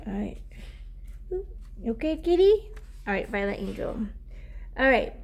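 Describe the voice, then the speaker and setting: Woman, oracle card reader, chatty and rambling, teary, gravelly voice. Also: a little high, big pitch swings, a little slow, pauses often, darkish tone, slight background noise. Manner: chatty, rambling, laughs often, drifts off mic. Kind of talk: casual oracle card reading.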